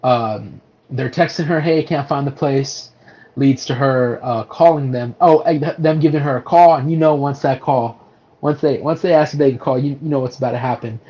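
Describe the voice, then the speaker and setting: A man's voice: mid-range voice, normal speed, dark tone, lo-fi sound. A man co-hosting a casual movie review podcast, rambling through the plot with many restarts and swearing. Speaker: podcast co-host.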